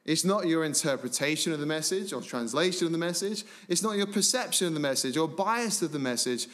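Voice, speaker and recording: Male pastor, sermon delivery, slightly high voice, emphatic, slows and drops low on key words. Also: expressive, a bit bright. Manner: slows down to stress phrases.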